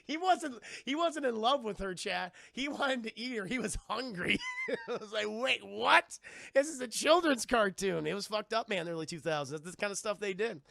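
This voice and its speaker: Young male streamer, excitable recap chatter, bright creaky voice. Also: sits high, fairly quick, no echo, studio quality. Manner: rambling, excitable, chatting to viewers. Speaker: streamer reviewing a cartoon. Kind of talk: casual live-stream commentary.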